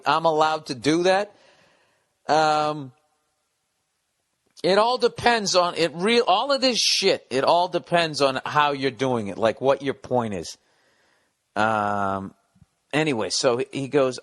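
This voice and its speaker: A man's voice: a little high, a bit bright, no room sound. A man hosting a podcast, reading listener letters aloud and breaking in with blunt, profane comic riffs in a casual monologue.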